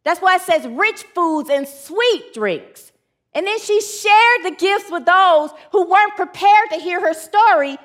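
In an animated, measured delivery, a female preacher gives a heartfelt sermon, inviting the congregation's call and response. Sorrowful moments bring her down to a low, quiet voice.

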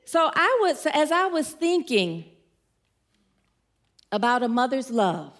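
High-voiced woman giving a chatty sermon. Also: very animated, slow. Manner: warm, chatty, playful storytelling with audience questions. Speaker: speaker at a church gathering. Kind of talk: informal sermon with congregation call-and-response.

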